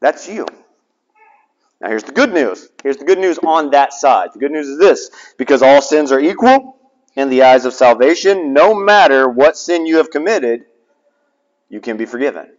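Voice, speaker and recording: A man's voice: fairly high pitch, expressive, moderate pace. A man preaching a sermon, putting rhetorical questions to his listeners and repeating phrases for emphasis. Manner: repetition for emphasis. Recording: dull lo-fi sound with long reverb.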